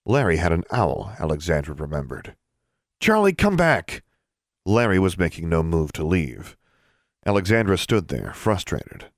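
A man narrating a fantasy story as an audiobook, steady storytelling with expressive dialogue. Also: low-pitched, normal speed, no room sound, clean studio sound.

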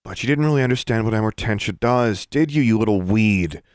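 A man's voice: on the low side, lively intonation, a little fast, no room sound, clean studio sound, voice pushed up, natural voice. A man voicing a bossy teenage wizard boy in an audiobook reading, teasing and tagging his lines with "right?".

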